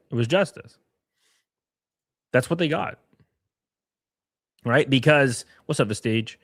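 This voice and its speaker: Blunt, animated male streamer. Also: mid-range voice, no room sound, studio quality. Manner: blunt, profane, talks straight to chat. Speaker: live-stream host. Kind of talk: casual reaction commentary.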